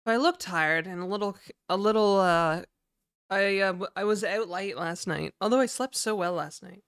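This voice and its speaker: A woman's voice: lowish voice, measured pace, clean tone, no room sound, studio quality. Frustrated, swearing woman streamer. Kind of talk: casual live stream chat.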